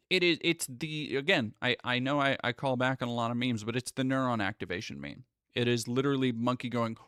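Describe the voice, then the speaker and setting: A man's voice: mid-range voice, brisk, sharp tone, smooth, no room sound, studio quality. A man live streaming, rambling through sarcastic casual commentary with lots of restarts.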